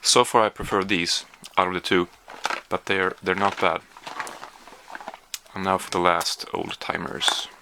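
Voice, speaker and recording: A man's voice: low-pitched, level tone, measured pace, vocal fry, noisy background. A man chatting casually through a taste-test vlog, hesitant with lots of fillers, sometimes talking while chewing. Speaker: vlogger.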